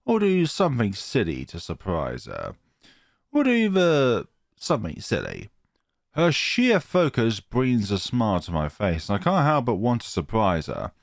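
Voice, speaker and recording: A man's voice: lowish voice, wildly swooping pitch, unhurried, gravelly, dry recording, studio quality. A man reading a horror visual novel aloud as a let's player, playful, often tripping over words and correcting himself.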